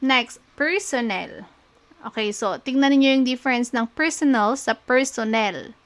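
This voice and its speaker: A woman's voice: high-pitched, measured pace. A young woman with a Filipino accent teaching shorthand, patiently spelling out letters and repeating words. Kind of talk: online lesson, mixing Filipino and English.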